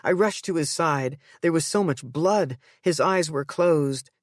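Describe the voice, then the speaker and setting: A woman narrating a psychological thriller audiobook in the first person, with tense, measured storytelling. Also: low voice, dry recording, clean studio sound.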